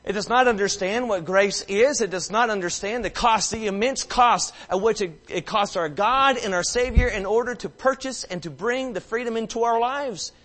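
High-voiced preacher, hushed to rousing. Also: male voice, moderate pace, hardly any pauses. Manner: dramatic storytelling swinging between hushed and loud. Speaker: pastor. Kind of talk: sermon.

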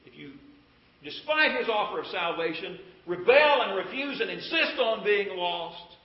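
A man preaches with a high, animated voice that rises and falls widely. He is earnest and pleading, pressing his listeners with questions. The recording is roomy and a little dull. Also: measured pace. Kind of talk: sermon.

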